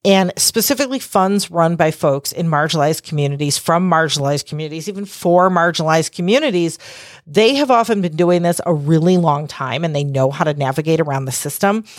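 A woman's voice: low-pitched, a little fast, no echo. A woman hosting her own podcast, talking casually and candidly on her own, swearing freely and rambling through asides. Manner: candid, profane, rambling with asides and acted-out quotes. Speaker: podcast host. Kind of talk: casual solo podcast monologue.

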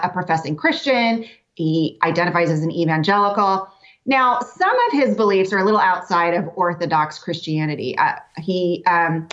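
A woman's voice: lowish voice, lo-fi sound. A woman guest in an interview, explaining a topic step by step with light fillers. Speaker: guest reporter.

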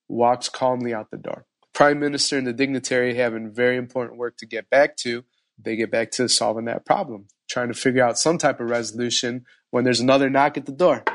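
A man hosting a podcast interview, telling stories in a chatty, animated way. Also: medium pitch. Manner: animated storyteller, frequent fillers. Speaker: podcast host. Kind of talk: casual interview chat.

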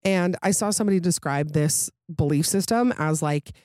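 A woman's voice: fairly low pitch, normal speed, darkish tone, no room sound. Chatty woman podcast host, dry sound. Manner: chatty, lots of fillers and tangents. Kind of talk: casual chat reading listener stories.

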